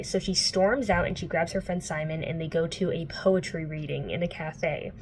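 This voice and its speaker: A woman's voice: on the low side, fairly even intonation, moderate pace, hardly any pauses, darkish tone, slight background noise. A young woman book vlogger casually recapping a plot indoors, chatty and playful, full of "like" and swearing. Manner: chatty, filler-heavy, profane, playful.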